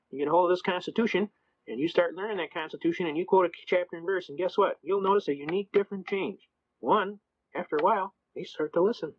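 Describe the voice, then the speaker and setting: A man with a somewhat high voice races through a folksy, colloquial lecture to his listeners. He drops double negatives and plain talk as he goes. The recording sounds dull and lo-fi. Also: no room sound. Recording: dull lo-fi audio.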